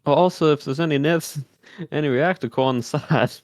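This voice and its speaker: A man's voice: on the high side, brisk, no echo, studio quality. A man chatting casually with a streamer, rambling with many fillers and giving game tips. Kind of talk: casual chat while gaming.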